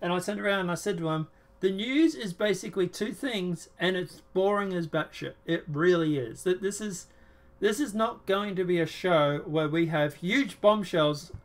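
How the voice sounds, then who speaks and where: A man's voice: sits high, normal speed. A man hosting a casual political chat show, talking in a rambling, sarcastic, emphatic way. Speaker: show host.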